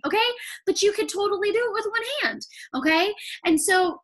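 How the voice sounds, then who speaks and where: A woman's voice: extremely high pitch, moderate pace, fairly bright tone. A woman giving a motivational talk to her sales team, chatty and full of "like" and "okay?", at times close to tears. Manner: emotional, near tears at times.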